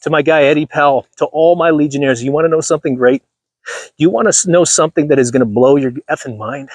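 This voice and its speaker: A fast-talking man with a fairly high voice hosts a livestream, ranting emphatically at his viewers and repeating himself for effect. The recording is dry.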